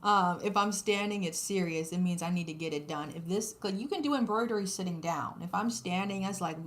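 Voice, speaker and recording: While embroidering on a craft livestream, a woman chats casually with her viewers, laughing often and narrating her work as she goes. Her voice is on the low side and a little fast.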